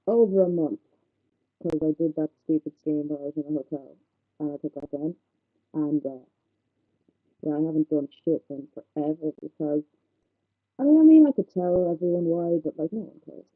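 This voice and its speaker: A woman's voice: low voice, slightly rough, no room sound. Woman streaming through a muffled, tinny mic. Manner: rambling, swears a lot, fumbling with gear. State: sick and congested. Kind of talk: casual livestream chat.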